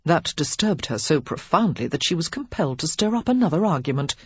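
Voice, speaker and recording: A woman reading a novel aloud as an audiobook narrator, telling it in an expressive, measured way. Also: low-pitched, husky, no room sound, highs cut off. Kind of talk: scripted narration.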